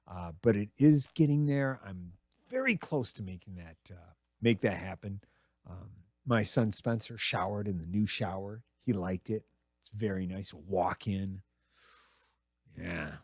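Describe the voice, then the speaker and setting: A middle-aged radio host delivers a casual comedic monologue, rambling and crude while poking fun at himself. His fairly low voice sounds dry and close, with no room sound at all.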